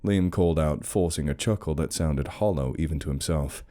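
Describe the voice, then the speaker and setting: A man reading a horror story in a slow, measured, brooding way as scripted narration. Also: extremely low pitch, mellow.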